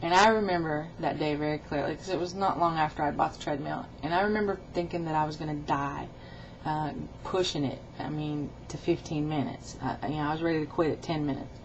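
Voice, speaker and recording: A woman's voice: low-pitched, steady tone, brisk, few pauses, noisy background. Chatty woman vlogger, lo-fi webcam sound. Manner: rambling, chatty storytelling with quoted dialogue. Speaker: weight-loss vlogger. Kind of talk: casual video diary.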